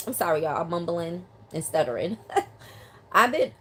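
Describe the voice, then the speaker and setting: Speaking a little slowly in a husky, fairly bright voice on the low side, this older woman is very animated as she reads viewer comments aloud, filling gaps with plenty of ums. She's a New York City native who teaches line dance and hosts a casual live stream from her South Carolina home, using a phone or handheld mic.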